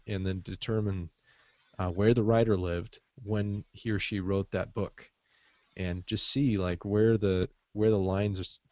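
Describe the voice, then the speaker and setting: A man's voice: on the low side, darkish tone, no echo. A man co-hosting a casual podcast chat, rambling with frequent fillers, heard over muffled call audio. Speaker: podcast co-host.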